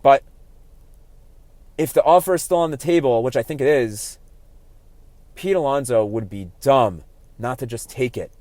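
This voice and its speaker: Heated, opinionated sports podcast host. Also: male voice, medium pitch, moderate pace, long pauses, dry recording. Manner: opinionated, gets heated and animated. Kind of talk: solo sports talk podcast.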